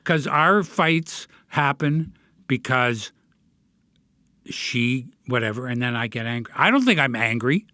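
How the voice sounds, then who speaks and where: A man's voice: medium pitch, expressive, unhurried, pushed and bright, no echo. A middle-aged man hosting a podcast, musing in a reflective, self-deprecating way during casual chat. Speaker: podcast host.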